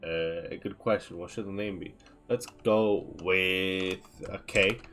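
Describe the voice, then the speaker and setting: A man's voice: low voice, steady tone, slow, fairly bright tone, soft background music. A man streaming a game, talking casually to himself and reading out menu text as he builds a character. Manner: muses aloud, reads out menu text. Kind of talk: casual gameplay commentary.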